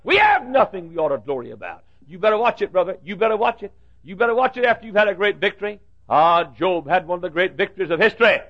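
A man's voice: sits high, very animated, quick pace. A man preaching a fiery sermon, folksy and scolding, with jokey asides, on a dull lo-fi recording.

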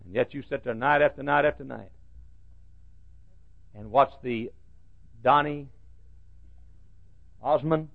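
A man preaching a fiery fundamentalist sermon, swinging from hushed asides to shouted warnings. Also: mid-range voice, takes it slowly, gravelly, long pauses. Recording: dull lo-fi old recording.

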